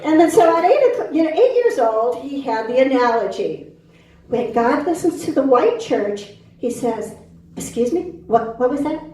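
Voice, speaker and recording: A woman's voice: high voice, sing-song, moderate pace, darkish tone. A middle-aged woman doing a stand-up set on a club stage, punchy and brash, bantering with the crowd. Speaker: stand-up comic. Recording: very echoey club from a distance.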